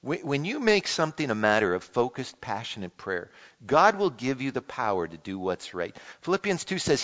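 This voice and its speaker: A man preaching a sermon in a church, speaking in an earnest, conversational way and citing scripture quickly. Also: medium pitch, sing-song, a bit bright. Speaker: pastor. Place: church sanctuary. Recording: muffled sound in a reverberant hall.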